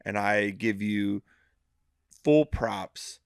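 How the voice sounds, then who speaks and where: A man co-hosting a podcast in casual chat, animated, swearing freely and acting out his own thoughts. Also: on the low side, extremely slow, clean tone, no room sound, clean studio sound. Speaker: podcast co-host.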